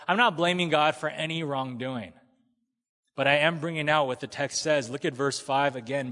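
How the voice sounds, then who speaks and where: Guy preaching casual and animated, kinda high voice, big echoey church hall. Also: moderate pace. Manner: conversational, animated, acts out voices of people in the story. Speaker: pastor. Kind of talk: sermon. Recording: long hall reverb.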